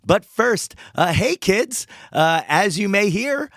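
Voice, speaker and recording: A man hosting a podcast with a hoarse voice after losing it singing, talking in a playful, hyped-up way. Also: high voice, sing-song, slow pace, fairly bright tone, no room sound, studio quality. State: hoarse, lost his voice. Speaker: podcast host. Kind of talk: casual podcast chat and ad reads.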